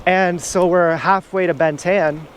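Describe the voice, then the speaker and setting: Man, slightly high voice, rambling candid storytelling, swears, outdoors, faint traffic behind. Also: steady tone, unhurried. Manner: rambling, confessional, swears freely. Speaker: vlogger. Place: outdoors in a town, walking around. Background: faint urban traffic.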